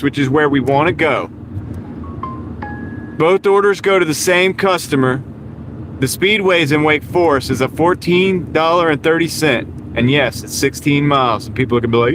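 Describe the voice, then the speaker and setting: A man's voice: a little high, expressive, normal speed, long pauses. A man chatting casually and laughing as he drives for delivery orders on a live stream, on a clip mic in a moving car. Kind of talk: live driving stream chat. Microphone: wireless clip mic. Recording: car road noise.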